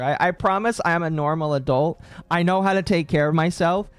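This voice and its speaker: A man's voice: a little high, brisk, hardly any pauses, clean tone, dry recording, faint music behind. A man in his late twenties, casually chatting on a stream and answering chat, rambling and correcting himself as he goes. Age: late 20s. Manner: rambling, self-correcting, chuckling.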